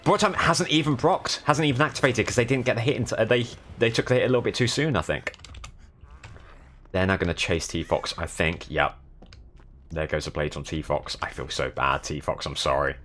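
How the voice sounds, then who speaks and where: Speaking at a moderate pace in a lowish, fairly bright voice, a young southern English streamer narrates his live gameplay. He's chatty and thanks each viewer who follows, with his southern English accent coming through. There's slight background noise.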